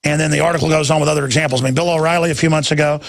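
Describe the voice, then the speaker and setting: Middle-aged man, talk radio host, indignant and emphatic, high voice, dry studio sound. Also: steady tone, very fast, gravelly, no echo. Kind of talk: heated broadcast monologue.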